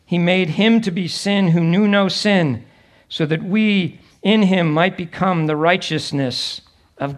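A man's voice: high-pitched, a bit bright. A middle-aged male pastor preaching a sermon in a conversational way, acting out the voices of people he quotes.

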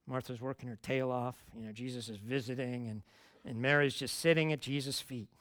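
Brief: middle-aged male pastor, plain mid-pitched voice, casual earnest preaching, close dry sound. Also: fairly even intonation, fairly quick, fairly bright tone, no echo. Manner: conversational, earnest, rising to emphatic stresses. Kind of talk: sermon.

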